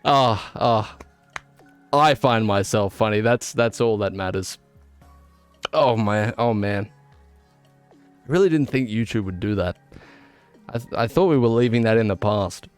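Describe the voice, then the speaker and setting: Smooth-voiced excitable male streamer. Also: lowish voice, a little slow, long pauses, soft background music. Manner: excitable, laughs at his own jokes. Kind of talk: casual live-stream chat.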